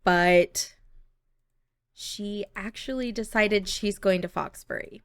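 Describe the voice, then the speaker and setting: A woman's voice: medium pitch, slow, smooth, no echo, clean studio sound. Chatty young woman narrating gameplay. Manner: chatty and playful. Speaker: gameplay video host. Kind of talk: casual gameplay commentary.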